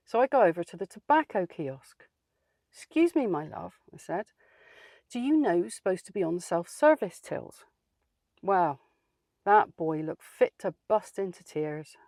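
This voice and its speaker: A woman's voice: mid-range voice, a little mellow, no echo. Woman doing a mouthy older lady, dry sarky storytelling, mid voice, dead dry sound. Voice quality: dry, plain-spoken and sardonic. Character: blunt older woman, feisty and outspoken. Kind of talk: comic character monologue.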